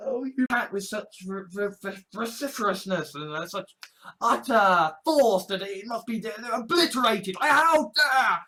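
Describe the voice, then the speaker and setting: A man's voice: high-pitched, expressive, normal speed, bright, forceful tone. A man delivering an indignant, sarcastic, profane rant, often repeating and stumbling over his words. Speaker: online commentator. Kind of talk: ranting monologue compilation.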